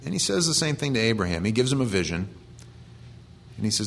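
A man's voice: lowish voice, very animated, quick pace, gravelly, slight background noise. A man preaching a conversational sermon, earnest and plain-spoken as he quotes and explains scripture.

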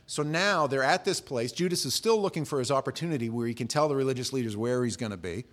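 A man's voice: medium pitch, fast. Conversational man preaching a sermon. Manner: conversational, acts out quoted voices, frequent restarts. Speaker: pastor.

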